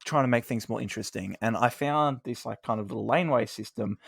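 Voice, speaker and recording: Aussie guy on a comedy podcast, animated storyteller, dry close sound. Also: mid-range voice, fast talker, vocal fry, husky, no room sound. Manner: animated storyteller, acts out quoted lines. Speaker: podcast co-host.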